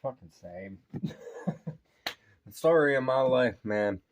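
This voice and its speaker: A man's voice: medium pitch, animated, slow pace, slight background noise. A man in his thirties hosting a casual reaction video, laid-back and swearing freely, his voice tired from a day of talking at work. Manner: laid-back, swears a lot, laughs often.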